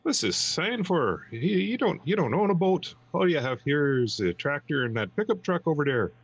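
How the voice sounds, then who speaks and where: A man's voice: fairly high pitch, very animated, normal speed, husky, dry recording, dull audio, pitched above the performer's own voice, exaggerated voice. A man voicing a puzzled small-town neighbor asking questions in a spoken joke.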